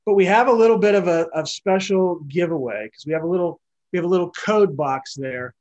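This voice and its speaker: A man's voice: high voice, fairly quick, darkish tone, highs cut off. A man, an author and guest, talking about leadership in an earnest, reflective way and often repeating his first words. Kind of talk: conversational interview.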